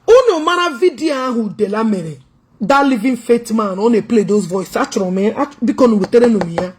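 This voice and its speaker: A high, husky-voiced Nigerian woman with an Igbo accent rants in a mocking commentary vlog. She taunts and scolds loudly, drifting between English and Pidgin. The edge in her voice stays rough throughout. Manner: taunting, confrontational, loud and teasing. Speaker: online commentator.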